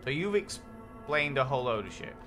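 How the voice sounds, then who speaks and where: A young man streams a game and talks straight to his chat. His banter is cheeky, teasing and full of swearing, and his voice has a bright, forceful edge. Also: medium pitch, very animated, moderate pace, faint music behind. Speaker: gaming streamer. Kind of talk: casual live-stream commentary.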